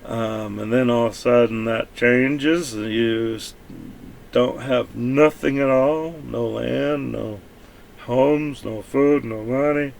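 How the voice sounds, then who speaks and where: A man's voice: medium pitch, slow pace, gravelly, a little hiss or hum. A man from the United States talking bluntly and offhandedly in a rambling, profane vlog monologue. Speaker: vlogger.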